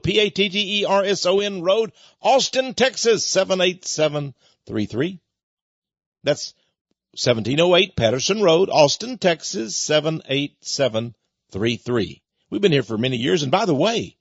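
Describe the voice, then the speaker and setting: Fervent husky-voiced male radio preacher. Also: fairly high pitch, no echo. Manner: fervent, emphatic, repeats phrases for force. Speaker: radio program host. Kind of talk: impassioned radio preaching monologue. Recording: dull lo-fi radio broadcast audio.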